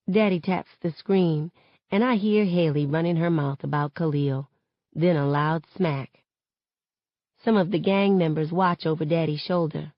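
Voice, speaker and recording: A woman's voice: sits low, no room sound. A woman reading a first-person novel aloud, changing her voice for each character's lines. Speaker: audiobook reader. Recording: dull, dry, lo-fi home recording.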